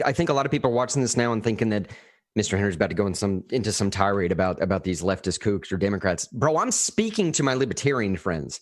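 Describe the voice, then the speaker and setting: A man co-hosting a political podcast, talking emotionally and quickly with many restarts. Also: mid-range voice, dry recording, clean studio sound. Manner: emotional, fast, rambling with restarts. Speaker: podcast co-host. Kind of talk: impassioned political commentary.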